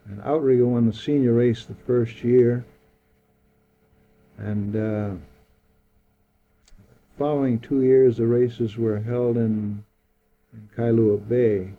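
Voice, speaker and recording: An older man speaks slowly and carefully, pausing on his fillers while he recalls the past. The sound is thin and tinny, like an old phone line. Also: mid-range voice, fairly even intonation, a little hiss or hum. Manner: measured, hesitant, with fillers. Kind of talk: oral history recollection.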